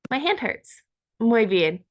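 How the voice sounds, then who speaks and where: Woman Spanish teacher, slow careful delivery, fairly high voice, repeats words for learners. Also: very animated. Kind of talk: language lesson.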